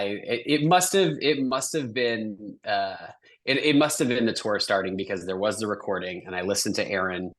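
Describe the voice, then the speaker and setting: Male podcast co-host, lowish voice, self-deprecating storyteller. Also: fairly bright tone. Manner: self-deprecating storyteller, acts out his own lines. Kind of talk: casual chat.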